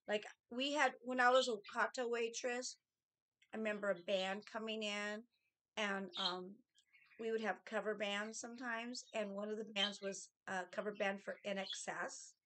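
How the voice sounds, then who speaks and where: A middle-aged woman telling casual stories from her past, chatty and animated, acting out what people said. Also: normal speed. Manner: chatty, animated, acts out quotes in a higher voice. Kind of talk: casual storytelling.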